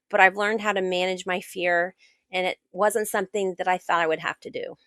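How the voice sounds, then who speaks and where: An American woman, middle-aged, a guest author and sailor telling her story in a casual interview, animated and acting out what others said. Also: on the low side, fairly quick, no echo. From United States. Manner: animated, acts out quoted dialogue.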